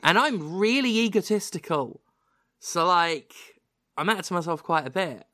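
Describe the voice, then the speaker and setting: British guy hosting a podcast, bit of american in the accent, jokey and animated, slightly higher voice, dry close mic. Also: moderate pace, no room sound. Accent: British, with a slight American hint. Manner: animated, self-mocking, lots of restarts. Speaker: podcast host. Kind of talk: casual chat.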